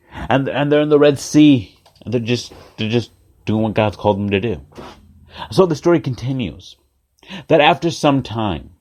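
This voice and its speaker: A man preaching in a mid-pitched voice, telling a story with lively, repetitive phrasing. He turns to his listeners often with direct questions. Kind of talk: sermon.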